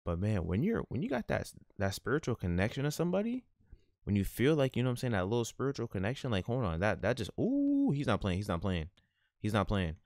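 A man's voice: fairly low pitch, very animated, fast, a little mellow, no echo, studio quality. A man hosting a gaming channel, giving casual, laid-back, slang-heavy commentary while he plays.

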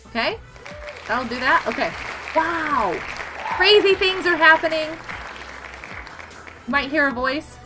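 A bright, sharp-toned woman streams a game from home, her voice leaping high and swinging all over as she chatters excitedly at the screen and her viewers. Faint music plays underneath. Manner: excitable, laughing, shouting at the game. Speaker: live streamer. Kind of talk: live gameplay streaming.

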